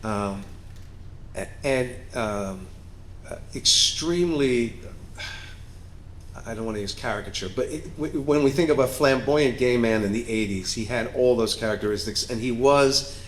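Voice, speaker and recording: A man, a guest actor and director, telling stories on a festival panel stage, lively and candid, acting out the people he quotes. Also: medium pitch, slight background noise. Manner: animated, acts out quotes, candid and self-mocking. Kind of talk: storytelling interview on stage.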